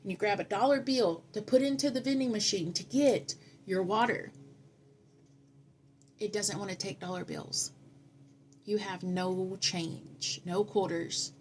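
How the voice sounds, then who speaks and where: Woman in a mid-range voice reads tarot cards, earnest and sermon-like, with drawn-out dramatic pauses. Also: medium pitch, darkish tone, slight background noise. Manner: earnest, preachy, speaks in repeated affirmations. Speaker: tarot reader. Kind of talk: spiritual tarot reading.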